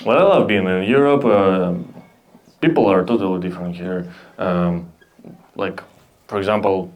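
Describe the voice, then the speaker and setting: A young man from Belarus with a Belarusian accent, doing a halting, deadpan stand-up set at a comedy club. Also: sits low. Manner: deadpan, halting, with restarts and self-deprecating asides. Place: comedy club stage with a laughing audience. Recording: live club audience laughter.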